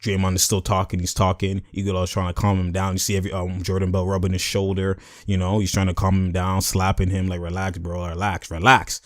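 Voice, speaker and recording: A man's voice: deep voice, completely flat delivery, fast, few pauses, no room sound, clean studio sound. A young man doing casual video commentary, animatedly breaking down a basketball clip in slang and acting out what the players said. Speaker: sports commentary vlogger.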